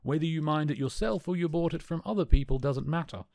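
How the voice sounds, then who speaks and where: A man putting on a calm, logical alien elder who lectures in a measured, unhurried way, his voice lifted a little higher than usual. The sound is close and dry. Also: vocal fry, no room sound. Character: calm, logical older male alien ambassador.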